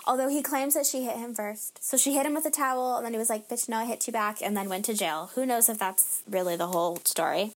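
A woman co-hosting a podcast, chatting casually and telling a story with quick, joking asides. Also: fairly high pitch. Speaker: podcast co-host.

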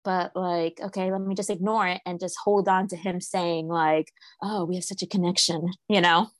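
A woman's voice: on the low side, fairly even intonation, normal speed, dry recording. A woman co-hosting a casual podcast, chatting about reality TV, laughing often and acting out quotes. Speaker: podcast co-host. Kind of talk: casual reality TV recap chat.

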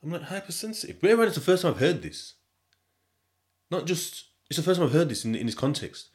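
A man, hosting a podcast and telling a story in a casual monologue, animated and slangy, repeating himself and swinging between loud and quiet. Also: a little fast. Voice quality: deep voice. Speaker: podcast host.

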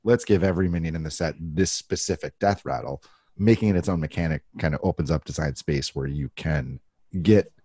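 A man's voice: a bass voice, fairly quick, mellow, breathy edge, no room sound, clean studio sound. A man co-hosting a casual podcast chat about a card game, thoughtful and hedging with fillers. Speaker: podcast co-host.

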